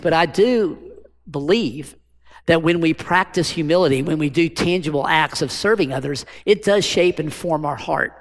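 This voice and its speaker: A man preaching a sermon as pastor, talking conversationally and asking the congregation rhetorical questions. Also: fairly high pitch. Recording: long hall reverb.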